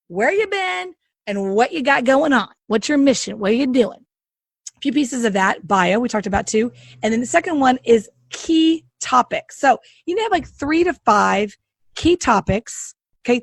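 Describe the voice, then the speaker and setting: Sassy woman host coaching people, kinda high voice, dry close sound, hammers her points. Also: no echo. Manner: sassy, emphatic, repeats phrases for punch. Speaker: podcast host and speaker. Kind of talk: animated coaching monologue.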